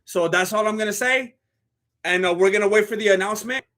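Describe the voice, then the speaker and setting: Chatty blunt guy on a live fight stream, highish bright voice. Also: fast talker.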